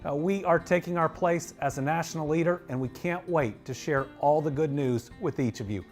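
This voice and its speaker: A man's voice: a little high, normal speed. A man with a Kentucky accent giving a friendly, upbeat promotional voice-over. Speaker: state governor. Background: music.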